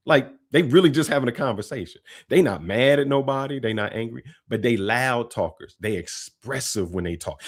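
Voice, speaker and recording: A man's voice: mid-range voice, fairly quick, few pauses, breathy edge. A man from Detroit giving casual, slangy commentary on a clip he is reacting to. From Detroit, Michigan. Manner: relaxed, chatty, slangy delivery with laughs.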